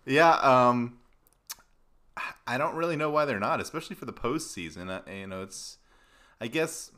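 A man's voice: mid-range voice, expressive, normal speed, sharp tone. A man hosting a casual sports podcast, laughing often and rambling loosely. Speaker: podcast host.

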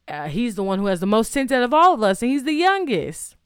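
Smooth-voiced woman rambling through a movie recap. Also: medium pitch, lively intonation, fast talker, hardly any pauses, no room sound, clean studio sound. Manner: rambling, loose retelling with many fillers and restarts; chatty, reacts aloud to the story. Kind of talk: casual movie plot recap.

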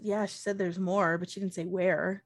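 A woman playing a tabletop game, animated and prone to swearing between laughs. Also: fairly low pitch, moderate pace, soft background music. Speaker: player. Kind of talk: casual tabletop play.

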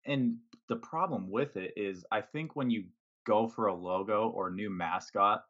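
A man with a low voice chats about sports on a podcast in a wry, laid-back way. He has a sarcastic edge. The recording sounds dull and lo-fi. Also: unhurried, a bit bright. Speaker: podcast co-host. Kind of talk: casual sports chat.

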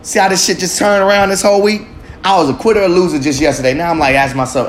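A vlog host talks emphatically to himself in a casual, heavily profane motivational monologue. His high-pitched voice comes out rapid-fire with fairly even intonation. There's a little hiss or hum, and the room is echoey with faint ambience.

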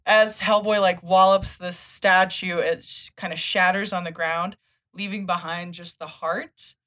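Woman retelling a comic on a podcast, kinda low voice, lots of likes and laughs. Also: measured pace. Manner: animated retelling, acts out characters' lines with laughs. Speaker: podcast host. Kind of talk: casual comic recap chat.

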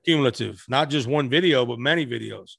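A man's voice: mid-range voice, a little fast, vocal fry, fairly bright tone, breathy edge, no echo. Man, middle-aged, interview guest, storytelling, rambling, restarts, dry close sound. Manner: rambling, chatty, frequent restarts. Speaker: guest musician.

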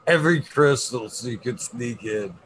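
A man's voice: medium pitch, animated, normal speed, fairly bright tone. Middle-aged guy just shooting the breeze on a podcast, swears a ton, laughs a lot, noisy background. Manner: laid-back, swears a lot, laughs often. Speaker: podcast co-host. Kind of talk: casual chat. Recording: noisy room ambience.

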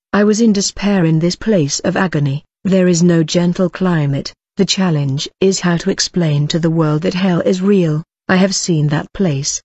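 A man's voice: high-pitched, darkish tone, no room sound, lo-fi sound. A man earnestly narrating a religious testimony to his listeners in a solemn manner.

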